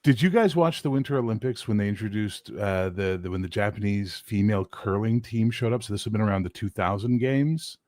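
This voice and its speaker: A man's voice: fairly low pitch, a little fast, few pauses, dry recording. Guy on a stream telling stories, swears a lot, acts out voices, dry close mic. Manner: animated storyteller, swears freely, mimics voices. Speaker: livestream co-host. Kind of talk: casual chat.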